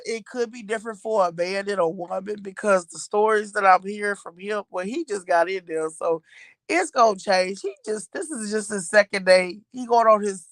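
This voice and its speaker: A middle-aged woman from Texas chats with her viewers in a loose, animated storytelling way, laughing often. Her voice sits at an ordinary pitch, and the recording is close and dry with no room sound. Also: no room sound. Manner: chatty and animated, laughing often, uses Southern US slang. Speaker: mother talking about her son's new job.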